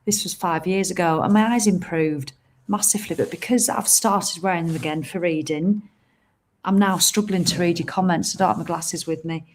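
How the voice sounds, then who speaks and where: A woman's voice: lowish voice, moderate pace, darkish tone, a little hiss or hum. Chatty woman, blunt and frank. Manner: chatty, rambling, blunt and frank, with mild swearing. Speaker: host of a live stream. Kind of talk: casual live-stream chat. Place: outdoors by a seaside promenade.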